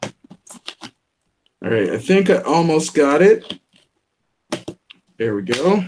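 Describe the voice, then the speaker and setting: A man with a slightly higher voice hosts a podcast, chatting casually while he unboxes a package live. He laughs a lot and pokes fun at himself. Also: big pitch swings, very slow, darkish tone, slight background noise. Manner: laughs often, self-deprecating. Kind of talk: casual chat.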